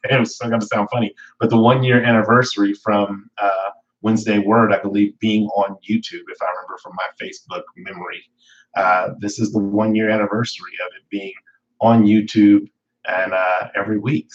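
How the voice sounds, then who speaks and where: A man's voice: on the low side, dull audio. A man hosting a weekly live motivational talk, telling a personal story in a candid, reflective way with fillers and self-corrections. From Northern California. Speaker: weekly talk show host.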